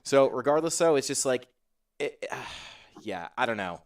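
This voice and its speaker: A man's voice: mid-range voice, expressive, measured pace, distant mic. A man hosting a casual panel discussion about tournaments, rambling with lots of fillers and restarts. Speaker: podcast host.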